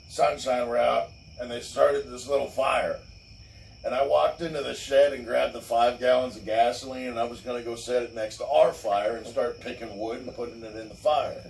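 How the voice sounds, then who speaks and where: A man casually telling a long, profane story, laughing and mimicking people in higher voices. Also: a little mellow, distant mic. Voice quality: gravelly, swears constantly. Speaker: podcast host. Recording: echoey room, off-mic, faint noise.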